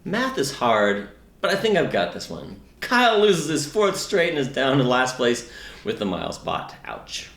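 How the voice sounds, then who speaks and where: A man's voice: mid-range voice, wildly swooping pitch, measured pace, creaky, a bit bright. A man co-hosting a mock news recap of a fantasy league, delivering the scores with dry, sardonic jabs. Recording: roomy echo.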